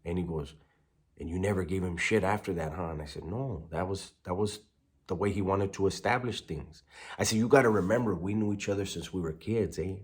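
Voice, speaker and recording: Deep-voiced man telling a prison story. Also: a little fast. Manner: laid-back street slang, sprinkled with Spanish words. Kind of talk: casual storytelling.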